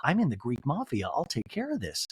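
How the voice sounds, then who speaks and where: A man voicing a brash reality-TV woman who swings from low muttering to high squeals. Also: wildly swooping pitch, a little fast, breathy edge, no echo, studio quality, heavily acted.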